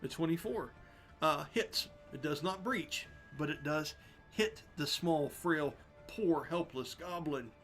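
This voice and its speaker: A man running a tabletop game as game master, narrating the action in a lively, descriptive way and laughing often. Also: a little high, slow, soft background music.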